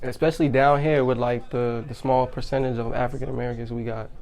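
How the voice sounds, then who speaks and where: A man's voice: mid-range voice, level tone, fast talker, darkish tone. A man hosting a casual interview, asking laid-back, slangy questions. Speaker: interview host.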